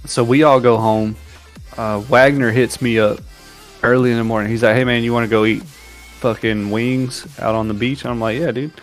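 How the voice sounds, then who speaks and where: Man telling loud barracks stories. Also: medium pitch, normal speed, faint music behind. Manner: animated, acts out shouted quotes while telling war stories. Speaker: podcast co-host. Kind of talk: casual storytelling on a livestream.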